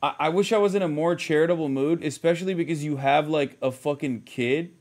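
A man in his thirties talks over a clip on his live stream, blunt and profane. His voice sits high, and his delivery stays mocking. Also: fairly quick, a little mellow. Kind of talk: live stream reaction commentary.

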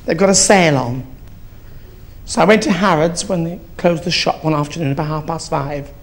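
A man's voice: fairly high pitch, normal speed, lightly acted. A man playing a brash, gossipy old East End woman, telling rambling, bawdy stories on a theatre stage. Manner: bawdy, rambling storytelling with swearing. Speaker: comedian in drag character. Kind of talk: live stand-up character comedy.

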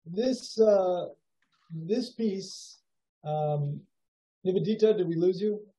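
A man teaching a writing workshop over a video call, giving feedback in a musing, halting way with many fillers. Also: sits high, dark tone. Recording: dull lo-fi video call audio.

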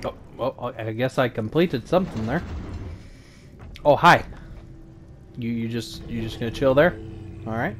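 A man providing let's play commentary in a calm, understated voice of middling pitch. He sounds less excited than he is, musing to himself and stumbling over small repeats. A soft background hiss runs underneath. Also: measured pace, long pauses. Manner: low-key, flat delivery despite interest; thinks aloud, frequent small repeats. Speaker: gaming channel host.

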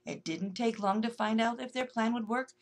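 A woman narrating a rhyming children's story in a gentle, sing-song way. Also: on the high side, moderate pace.

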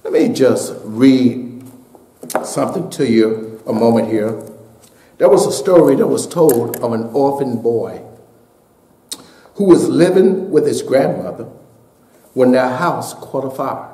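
A man's voice: mid-range voice, measured pace, long pauses. Echoey preaching pastor, a man. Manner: preaching with rising, shouted climaxes and hushed storytelling. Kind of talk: sermon. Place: church sanctuary.

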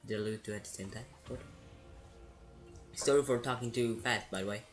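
A man giving casual, excitable gameplay commentary, rambling and giggling as he plays. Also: fairly low pitch, moderate pace. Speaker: let's play gamer.

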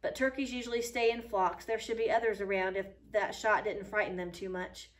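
A practical, matter-of-fact older pioneer boy from a storybook, read by a woman. The voice is plain and middle-pitched, recorded from a little way off. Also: fairly even intonation, a little fast, close to an everyday voice. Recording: voice a little far from the mic.

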